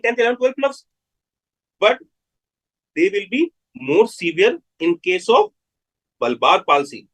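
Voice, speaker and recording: A man's voice: high-pitched, a bit bright, slightly rough, rough recording. A man with an Indian English accent giving a live medical lecture, repeating key terms and putting questions to his students.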